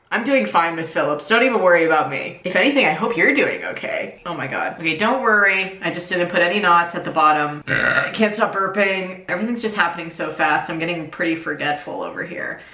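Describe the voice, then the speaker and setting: A young woman vlogs in a loose, self-mocking ramble, a little tipsy as she fumbles with her sewing. Her voice is bright and sits a bit low. The room around her rings with echo. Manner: chatty, self-mocking, slips into silly voices. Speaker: YouTuber. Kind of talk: casual comedic vlog while sewing and drinking.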